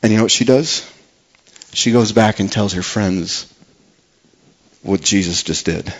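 A man preaching a sermon as a pastor, earnest, repeating words for emphasis and dropping soft and low on key phrases. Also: measured pace, muffled recording.

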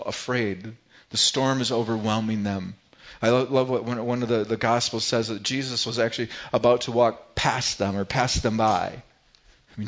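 A man's voice: fairly low pitch, fairly bright tone. Earnest male pastor preaching, slightly muffled. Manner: earnest preaching, repeats words, rises and falls in intensity. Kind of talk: sermon.

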